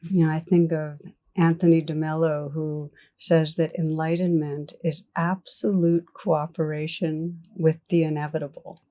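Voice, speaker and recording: An older woman giving a reflective meditation talk, gently telling stories and laughing softly. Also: sits low, little pitch movement, a little slow. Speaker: meditation teacher. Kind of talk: dharma talk.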